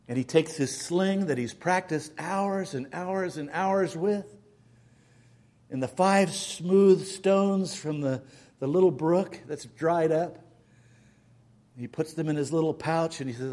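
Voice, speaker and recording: A male preacher telling a Bible story in a sermon, with dramatic storytelling and big swings in loudness. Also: on the high side, lively intonation, unhurried.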